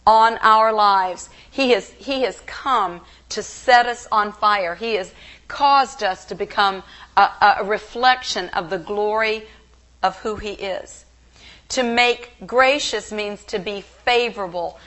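A woman Bible teacher giving a slow, measured devotional teaching on a scriptural blessing. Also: medium pitch, a bit bright. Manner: slow, measured, reverent delivery.

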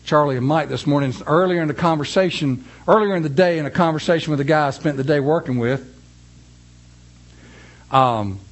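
A man preaching a sermon, reading scripture slowly and emphatically, then telling a folksy story to his congregation. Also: a little high.

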